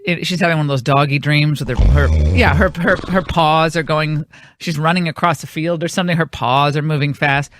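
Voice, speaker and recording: A woman's voice: sits low, fairly even intonation, fairly quick, slight background noise. A woman hosting a radio talk show, telling a long rambling anecdote in casual on-air chat. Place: radio studio.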